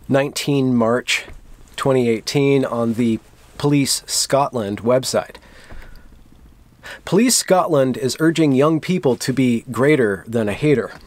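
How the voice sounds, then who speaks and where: A man's voice: medium pitch, darkish tone. A man giving sarcastic commentary, reading news text aloud and adding dry, sardonic asides. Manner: dry, sardonic asides between read-out quotes. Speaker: commentary vlogger.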